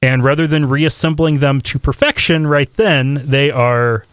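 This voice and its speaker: A man co-hosting a casual podcast, talking with many fillers and restarts, then walking through a topic in a steady explaining voice. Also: fairly high pitch, unhurried, dry recording. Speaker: podcast co-host. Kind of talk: casual chat and explainer segment.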